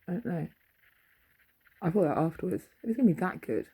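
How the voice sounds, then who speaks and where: A woman's voice: lowish voice, very animated, brisk, warm tone, breathy edge. A middle-aged woman, casually rambling through a dream she had, often losing her thread and searching for words.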